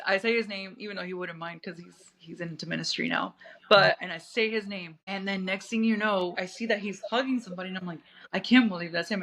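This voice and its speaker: A woman's voice: medium pitch, sharp tone, low-quality recording. A woman from Puerto Rico, in her thirties, telling her life story as an interview guest, rambling with many restarts and fillers.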